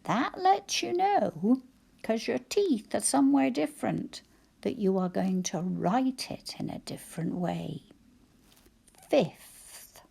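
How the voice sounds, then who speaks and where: A woman teacher slowly sounding out letters and syllables for young children in a phonics lesson, praising them cheerfully. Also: fairly high pitch, animated, vocal fry, mellow, husky. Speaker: primary school teacher.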